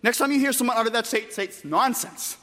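A man preaching a sermon with emphatic delivery, moving between loud bursts and quiet, soft passages. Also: very high voice, quick pace, long reverb tail. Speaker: pastor.

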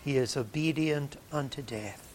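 A man preaching a sermon in a dramatic way, dropping to a hush and then rising loud. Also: medium pitch, measured pace, slight background noise. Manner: dramatic, swings from hushed to loud.

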